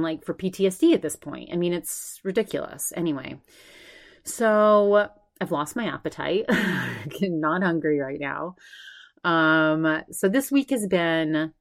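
Anxious rambling woman podcast host. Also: sits low. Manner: rambling, animated, with frequent restarts and laughs. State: anxious, shaken. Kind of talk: casual personal update.

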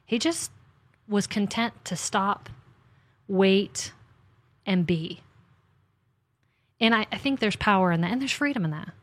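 Chatty animated woman author. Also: mid-range voice, unhurried, pauses often, no echo. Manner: chatty and animated, quoting God in asides. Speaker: author and podcast host. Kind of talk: casual faith conversation.

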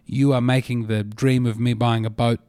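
A man's voice: medium pitch, little pitch movement, normal speed, dark tone, smooth, no room sound. An Australian man hosting a comedy podcast, telling meandering stories in a dry, self-mocking way. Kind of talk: rambling comedic podcast monologue.

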